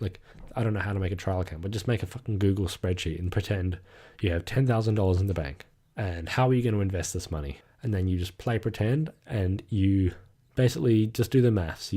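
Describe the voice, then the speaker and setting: Young man, solo podcast host, low voice, rambling, casual swearing, fillers, slight cough. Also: darkish tone. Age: young adult. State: getting a cough. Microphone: microphone.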